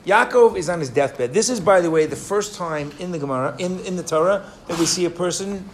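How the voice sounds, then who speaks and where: A man's voice: high voice, a little fast. A man giving a sermon to a live audience, telling a story and asking his listeners questions, with many restarts.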